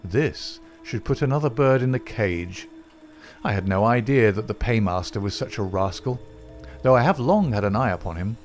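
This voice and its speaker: Guy doing a cool polite detective, dry and ironic, a bit higher and slower than his own voice. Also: lively intonation, soft background music, lightly acted. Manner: measured, courteous and dryly ironic. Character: calm wry gentleman detective, male, middle-aged.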